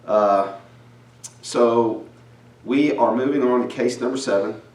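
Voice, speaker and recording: A man from South Carolina, giving a relaxed, folksy finance lecture. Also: mid-range voice, slow pace. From Charleston, South Carolina. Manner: relaxed, folksy, talks to students. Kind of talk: recorded lecture. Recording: roomy, slightly distant mic.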